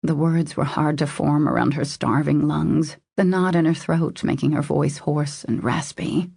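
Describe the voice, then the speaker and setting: A woman narrating a romance audiobook in a steady, measured reading style. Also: sits low, gravelly, slightly rough, dry recording, studio quality. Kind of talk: scripted narration.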